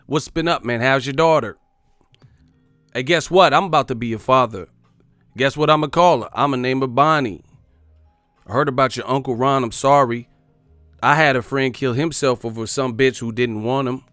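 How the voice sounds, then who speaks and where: A man's voice: mid-range voice, a bit bright, dry recording, clean studio sound, close to an everyday voice. A man reading out an imagined letter in the voice of an obsessed male fan, eager and rambling.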